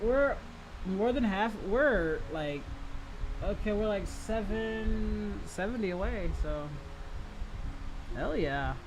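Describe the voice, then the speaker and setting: Excitable male streamer chatting with viewers. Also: sits high, slow pace, pauses often, noisy background. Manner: rambling, repeats phrases, bursts into shouting and laughter. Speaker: livestream host answering chat. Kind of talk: casual livestream Q&A.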